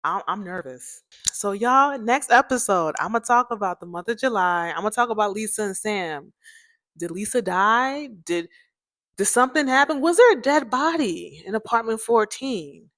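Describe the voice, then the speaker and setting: An animated young woman chatting through a personal story, talking straight to her listeners and laughing often. Her pitch sits in the middle, and the recording is dry and close, with no room sound. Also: normal speed, no echo. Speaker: podcast host.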